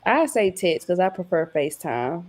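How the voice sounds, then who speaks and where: Young woman guest on a podcast, laid back, short answers, kinda low voice, dry sound. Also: sing-song, normal speed, darkish tone, dry recording. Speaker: guest, new team member. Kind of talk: casual interview chat.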